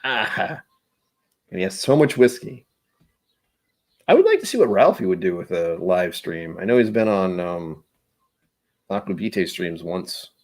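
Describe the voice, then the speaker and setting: A man hosting a casual livestream, chatting and rambling, often trailing off into quiet asides. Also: low voice. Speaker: livestream host.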